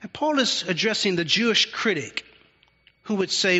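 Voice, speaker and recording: A man in a church sanctuary preaches an expository sermon, his bright, fairly high voice drawing out each key word with deliberate emphasis. The sound is dull and lo-fi, with a long hall reverb trailing behind him. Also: sing-song, breathy edge. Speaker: pastor.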